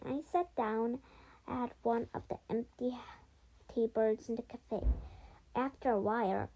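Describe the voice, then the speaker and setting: Slow, halting woman reading a storybook. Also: on the high side, mellow, poor audio. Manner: halting reading with frequent slips and self-corrections. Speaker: storybook reader. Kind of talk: reading a children's book aloud.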